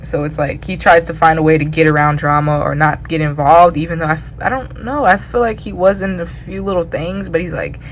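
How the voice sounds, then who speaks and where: Speaking fairly quickly with few pauses, a woman with a low voice gives a loose, chatty tarot reading, peppered with "like" and frequent laughter. The audio is poor, with a little hiss or hum.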